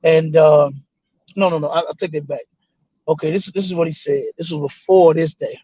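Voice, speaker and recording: High-voiced man telling a story. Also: moderate pace, slightly rough, dry recording, muffled recording. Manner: animated, quotes others in voices, swears freely. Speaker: guest. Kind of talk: casual storytelling.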